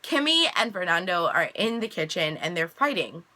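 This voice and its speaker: A young woman casually recapping a TV episode, chatty and animated, jumping high in pitch when she quotes the characters. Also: moderate pace. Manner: chatty, animated quoting with big pitch jumps. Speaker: reaction vlogger recapping an episode.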